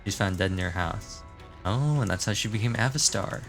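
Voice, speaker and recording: A man's voice: fairly low pitch, lively intonation, moderate pace, creaky, a bit bright, soft background music. A man streaming his reaction to a game, musing casually and reading the story text aloud.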